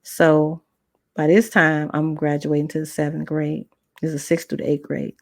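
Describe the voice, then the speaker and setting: A woman's voice: deep voice, completely flat delivery, moderate pace, no echo, clean studio sound. A woman podcast host telling a personal story in a conversational way, acting out the dialogue of the people in it. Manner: conversational, acts out dialogue in voices.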